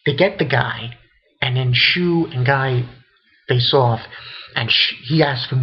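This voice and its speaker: A man with a slightly rough, medium-pitched voice speaks slowly in his casual anime episode recap. He's a reviewer whose loose, meandering talk is thick with fillers and swearing, recorded in dull lo-fi quality.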